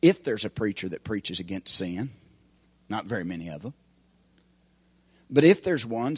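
Husky preacher man. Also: lowish voice, lively intonation, normal speed, pauses often. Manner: call-and-response preaching, rising and falling emphasis. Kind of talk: sermon.

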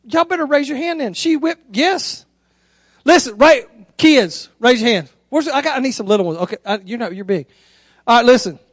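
High-voiced preacher telling stories. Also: male voice, dry recording, clean studio sound. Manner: animated storytelling, addresses congregation directly. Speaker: pastor. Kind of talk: sermon.

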